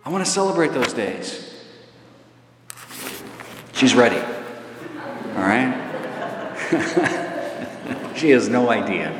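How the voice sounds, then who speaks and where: A priest preaching a sermon to his congregation. His delivery is lively, rising into emphatic runs, with filler uhs between thoughts. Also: mid-range voice, slow, pauses often, over music. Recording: echoey church hall, faint ambience.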